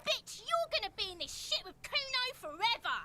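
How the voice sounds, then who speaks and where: A shrill, screeching street girl. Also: big pitch swings, moderate pace, pushed and bright, heavily acted. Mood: jeering. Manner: screeching, egging on, hurling insults.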